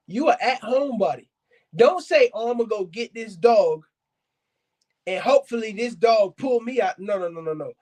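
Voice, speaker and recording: A man with a high-pitched voice gives casual advice straight to his viewers. He is blunt and emphatic, repeating points for stress and calling his audience fam and y'all. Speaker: dog breeder and podcast host.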